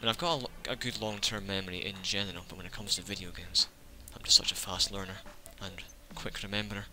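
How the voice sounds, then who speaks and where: A man's voice: on the low side, fairly even intonation, quick pace, background noise. A man giving casual let's-play commentary, full of sarcastic, joking asides to the game.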